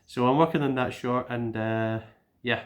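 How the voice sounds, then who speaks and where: A man's voice: mid-range voice, fairly even intonation, normal speed. A Scottish man giving a casual vlog update, rambling, with repeated words and restarts. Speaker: gaming YouTuber.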